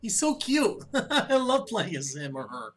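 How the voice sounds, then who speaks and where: A man's voice: sits high, wildly swooping pitch, a little slow, a bit bright. A man hosting a casual let's-play, chatty and giggly as he reacts aloud to the game. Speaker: gaming channel host.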